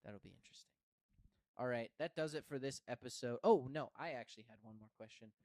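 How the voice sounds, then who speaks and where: A young man hosting a casual sports podcast, chatting in a relaxed way with fillers. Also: mid-range voice, quick pace, dry recording. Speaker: podcast host.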